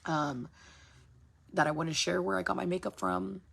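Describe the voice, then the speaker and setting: A woman's voice: lowish voice, steady tone, moderate pace, gravelly, fairly bright tone, slightly rough. A woman who runs a small business, venting frankly in a casual livestream, swearing freely and repeating herself for emphasis. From United States. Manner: frank and profane, repeats phrases.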